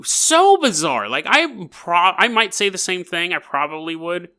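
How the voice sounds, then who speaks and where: Animated, bright-voiced male podcast host. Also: high-pitched, normal speed, hardly any pauses. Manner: jokey, animated, acts out quotes. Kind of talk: comedic storytelling.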